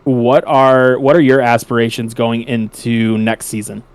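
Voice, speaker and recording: A man hosting a post-match interview with the winning team, excited and drawn-out in his emphasis. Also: medium pitch, smooth, no echo. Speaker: esports caster interviewing winners.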